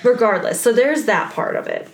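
A young woman co-hosting a casual chat, talking fast and loose with lots of fillers and laughter. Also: fairly high pitch, huge pitch swings, gravelly. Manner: chatty, laughing, frequent "like" fillers. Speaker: co-host. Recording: roomy echo.

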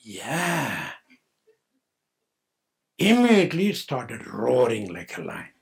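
An older man, a spiritual teacher, delivers a storytelling sermon as a playful tale, laughing often and acting out the characters' voices. His mid-range voice is husky with vocal fry, swooping wildly in pitch as he takes his time.

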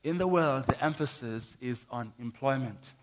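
A man's voice: medium pitch, moderate pace, background noise. A man preaching his testimony in a church, emphatic, with rhythmic contrasts and stammering repeats. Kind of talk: sermon.

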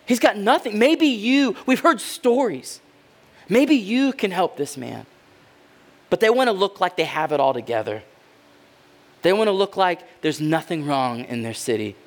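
A man preaches with a high, lively voice that climbs and falls all over the place. He sinks into quiet, heavy pauses, then bursts out loudly when he voices the people in the story. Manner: dramatic, swings from hushed to loud voicing of characters. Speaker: pastor. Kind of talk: sermon.

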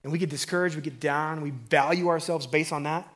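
This sermon comes from a middle-aged preacher talking a little fast, his voice a touch high for a man. Energetic and conversational, he belts out key words, then drops to near-whispers for his asides.

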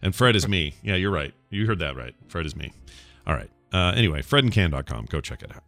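A man's voice: low-pitched, lively intonation, fairly quick, a bit bright, no room sound. A man hosting a casual podcast game show with jokey, playful banter.

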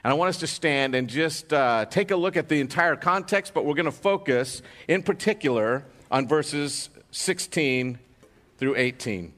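A male pastor delivers a sermon in a church sanctuary, mixing a joke story with pointed rhetorical questions. His voice sits a bit higher than most men's. The sound carries a long hall reverb. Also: expressive, normal speed, fairly bright tone. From United States.

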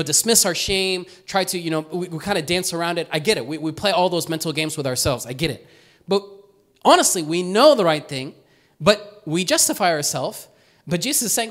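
A man preaching a sermon as pastor, in a conversational, animated way, often tagging "right?" and acting out quotes. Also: sits high.

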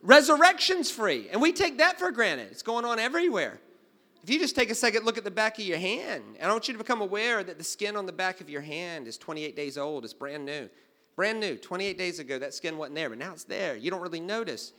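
Aussie guy preaching a sermon, bright high voice, storytelling and getting loud. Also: animated, fairly quick. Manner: storytelling, jumping from hushed to loud exclaiming. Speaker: pastor.

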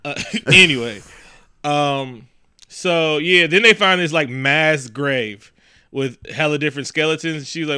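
A man chats casually through a movie recap, joking and swearing as he acts out lines. His voice is bright and crisp, recorded close and dry. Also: fairly high pitch, a little slow, dry recording. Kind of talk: casual podcast chat.

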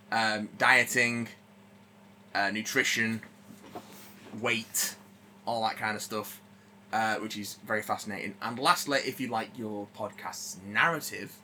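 A man's voice: medium pitch, bright, forceful tone, slight background noise. A man co-hosting a podcast, chatting casually and rambling with lots of ums and restarts. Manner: rambling, many fillers and restarts. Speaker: podcast co-host. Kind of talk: casual chat.

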